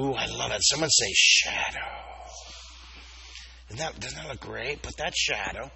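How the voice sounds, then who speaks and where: A man leading a live drawing lesson at a school assembly, animated and playful, coaxing the children to repeat words after him. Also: mid-range voice, normal speed, gravelly, slightly rough, dull audio. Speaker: drawing teacher.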